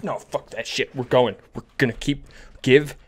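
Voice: mid-range voice, steady tone, moderate pace, breathy edge. A gamer commenting on a horror game, swearing constantly and breaking into screaming outbursts. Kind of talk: horror let's play commentary.

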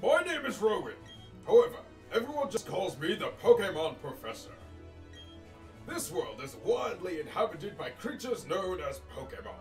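Formal old professor read by a male streamer, pitched high and animated, distant mic, game music under it. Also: moderate pace. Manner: reads game dialogue aloud in a character voice. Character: older male Pokémon professor, formal and kindly.

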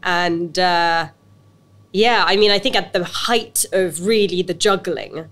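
A woman's voice: fairly low pitch, slow. British woman telling her story, chatty. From Britain. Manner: animated storytelling with many restarts and fillers. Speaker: actress and business owner, guest. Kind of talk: casual interview conversation.

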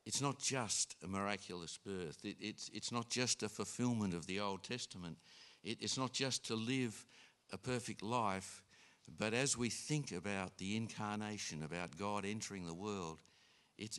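A man preaching a sermon in an unhurried way, with frequent restarts and fillers. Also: on the low side, fairly bright tone. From Australia. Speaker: pastor.

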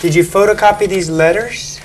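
An actress playing a businesslike female office manager who speaks firmly and clearly. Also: medium pitch, normal speed, slight background noise, natural voice.

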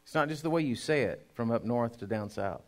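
A man, a pastor, preaching a sermon to his congregation. He speaks emphatically, dropping to a hush and then rising loud, and addresses the listeners directly. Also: medium pitch, brisk. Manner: emphatic preaching, swinging between hushed and loud.

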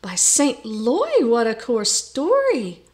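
A woman's voice: fairly high pitch, big pitch swings, takes it slowly, a bit bright, exaggerated voice. A woman voicing a prim, coy older noblewoman prioress who speaks in a genteel, simpering way and drops in French words.

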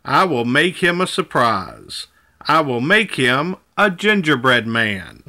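A man's voice: mid-range voice, very animated, slow pace, bright, forceful tone, full character voice. A man reading a kindly little old woman. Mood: fond. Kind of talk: children's storybook read-aloud.

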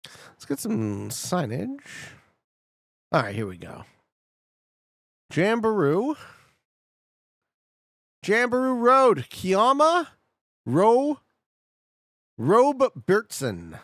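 Male streamer, chatty and excitable, gravelly voice, very lively pitch, dry close sound. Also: very slow, long pauses, no echo. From Canada. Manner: chatty, talks to chat, excitable outbursts. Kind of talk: casual live-stream commentary.

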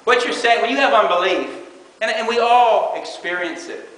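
A man's voice: high-pitched, moderate pace, fairly bright tone, a little hiss or hum. A man preaching a conversational sermon, stepping into quoted prayers and doubters' words as he teaches. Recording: echoey hall with long reverb.

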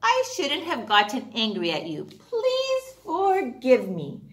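A woman voicing a quick-tempered young male crab in a children's storybook, speaking contritely. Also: sits high, huge pitch swings, exaggerated voice. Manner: contrite after a fight. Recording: roomy echo.

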